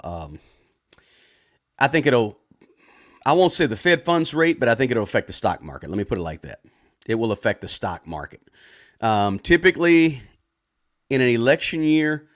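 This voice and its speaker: A man hosting a personal finance channel, answering viewer questions live in a loud, casual way and often ending points with a tag question. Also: medium pitch. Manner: talks loud, tag questions, frequent restarts.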